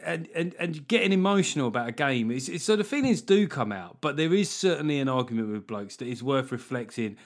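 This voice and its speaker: A man's voice: medium pitch, lively intonation, fairly quick, few pauses. A man hosting a podcast, talking in a loose, casual way, swearing freely and often restarting his sentences. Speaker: podcast host. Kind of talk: casual chat.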